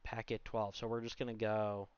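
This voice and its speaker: A young man in his twenties talks through a screen-recorded walkthrough in a loose, chatty way, drifting into asides and fillers. His voice sits a little low and sounds smooth and clear. The recording is dry and slightly dull, like a home desk mic. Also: level tone, normal speed, a little mellow, dry recording. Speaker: tutorial host.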